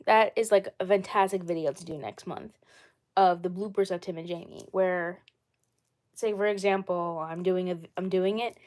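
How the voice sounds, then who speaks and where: A woman hosting her own live stream in a casual chat, rambling and repeating herself often. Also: fairly low pitch. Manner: rambling and repetitive. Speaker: channel host.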